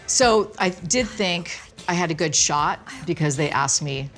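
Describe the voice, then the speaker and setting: Animated laughing woman telling stories. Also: lowish voice, measured pace, faint music behind. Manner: animated, laughing, acts out quotes. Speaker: guest dancer. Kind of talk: casual storytelling interview.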